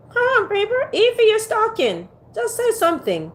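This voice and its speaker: A woman's voice: very high-pitched, huge pitch swings, slow pace, pauses often, a little hiss or hum. A woman hosting a casual livestream from a phone on a ring light, playfully teasing and coaxing her viewers to type in the chat. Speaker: livestream host.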